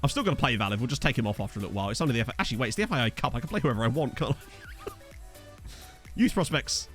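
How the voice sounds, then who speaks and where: A man's voice: medium pitch, lively intonation, very fast, fairly bright tone, soft background music. A young man from Essex with an Essex accent, chatting casually while streaming a football management game and answering his chat. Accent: Essex English. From Essex, England. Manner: chatty, reads chat aloud, jokey asides.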